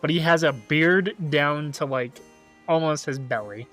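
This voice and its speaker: Young dude describing his character, slow and easy, bit high voice, faint music. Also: fairly bright tone. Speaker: player. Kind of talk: casual tabletop play.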